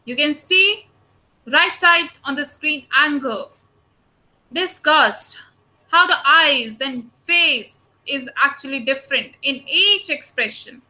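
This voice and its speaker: A woman teacher with an Indian English accent giving an online lecture, explaining slowly and addressing her students often. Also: high voice, pushed and bright, low-quality recording.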